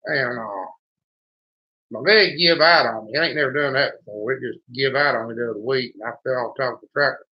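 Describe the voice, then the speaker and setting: A man with a Southern Carolina accent chatting casually on a livestream in a slow, folksy, self-deprecating way. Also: mid-range voice. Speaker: co-host. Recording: muffled lo-fi stream audio.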